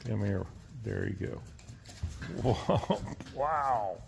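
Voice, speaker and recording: A man's voice: on the low side, animated, drawn-out words, creaky, noisy background. A man filming outdoors on his phone and talking to his pets in a playful, coaxing, laughing way. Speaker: wildlife video maker. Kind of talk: casual talk to animals while filming.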